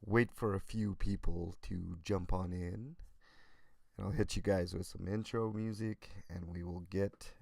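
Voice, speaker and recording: A man hosts a casual live stream in a groggy morning voice, greeting his chat one name at a time. His voice sits very low and slow with a gravelly edge, and the sound is dry and close. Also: no echo. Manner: relaxed, greets chat viewers by name, many "uh" fillers. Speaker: livestream host.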